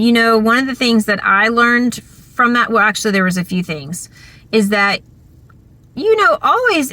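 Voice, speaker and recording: A woman telling a story to her camera, chatty and animated. Her voice is fairly high and bright. She talks slowly and drawls through her fillers. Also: no echo. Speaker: vlogger. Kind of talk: casual storytelling.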